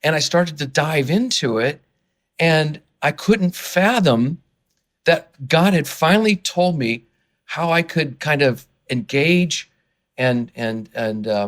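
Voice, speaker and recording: A man's voice: mid-range voice, takes it slowly. A man speaking as a guest in a podcast interview, passionate and getting worked up, earnest, with many restarts and repeated words. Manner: passionate, gets worked up and excited. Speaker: interview guest, fundraising consultant.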